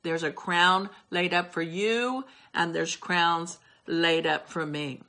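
A woman's voice: fairly low pitch, fairly even intonation, takes it slowly, pushed and bright. An older woman preaching a sermon, emphatic and repetitive as she drives her points home. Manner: emphatic, repeats words for stress.

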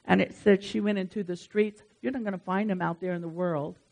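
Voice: mid-range voice, fairly quick, vocal fry. Pastor, emphatic sermon delivery, speaks directly to the flock. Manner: lively, emphatic, talks straight to the congregation.

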